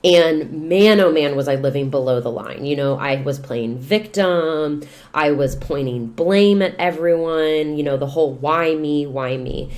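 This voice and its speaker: A woman, a real estate investor and coach, talking as a podcast guest in lively, expressive storytelling. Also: low voice, unhurried. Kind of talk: casual podcast conversation.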